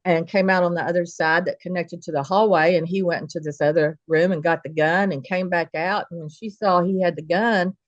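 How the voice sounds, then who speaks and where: A woman's voice: on the low side, fairly even intonation, fairly quick, hardly any pauses, no room sound. A woman tells a spooky personal story in a folksy, vivid way. The recording sounds dry and a little dull. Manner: vivid, folksy retelling with quoted dialogue. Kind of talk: personal story told casually.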